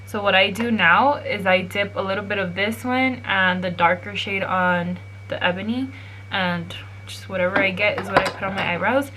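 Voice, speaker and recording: A woman's voice: mid-range voice, normal speed, noisy background. A young woman telling a story in a casual, chatty way while doing her makeup, swearing freely and slipping in Spanish phrases. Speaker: beauty vlogger.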